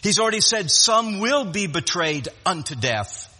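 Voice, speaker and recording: A man with a high, bright voice preaches a sermon emphatically, repeating words and restarting phrases. His voice rings out with a long reverb, as in a church sanctuary. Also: sing-song, unhurried.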